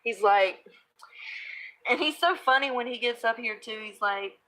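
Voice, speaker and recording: A woman in her thirties casually chatting while she crafts, rambling off on tangents, laughing at herself and clearing her throat. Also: on the high side, measured pace, pushed and bright, low-quality recording. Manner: rambling, self-deprecating, laughs often. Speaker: craft video host.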